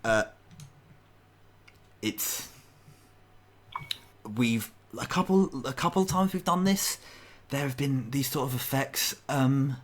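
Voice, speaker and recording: A man's voice: mid-range voice, takes it slowly, long pauses. A man narrating as game master of a tabletop role-playing game, rambling with many fillers and restarts.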